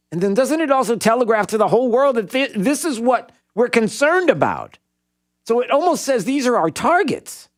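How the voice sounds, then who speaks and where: Sarcastic talk radio host, lively pitch. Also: male voice, moderate pace. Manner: rhetorical questions, sarcastic, conversational. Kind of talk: conservative talk radio commentary.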